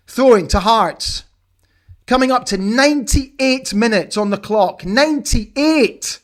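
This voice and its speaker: A man's voice: very high-pitched, slow. A middle-aged man hosting a football watch-along, commentating live and cheering on his team. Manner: excitable, shouts and cheers at big moments. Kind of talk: live match commentary and chat.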